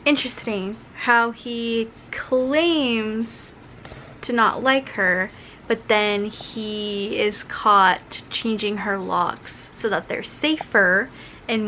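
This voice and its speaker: A woman's voice: medium pitch, steady tone, slow pace, sharp tone, slight background noise. Chatty young woman vlogging from bed. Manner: chatty, lots of "like" and "um". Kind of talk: casual chat to camera. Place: in bed at home.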